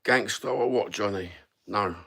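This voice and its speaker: A man's voice: on the low side, a little slow, vocal fry, bright, forceful tone, slightly rough. A Cockney man ranting sarcastically and swearing constantly as he chats on a live stream. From London. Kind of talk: casual live-stream rant.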